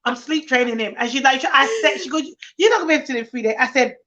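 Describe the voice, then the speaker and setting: Her voice sits high and races along, with a little hiss or hum, as this nanny co-host tells animated stories in casual chat. She does the kids' voices herself, on muffled lo-fi stream audio.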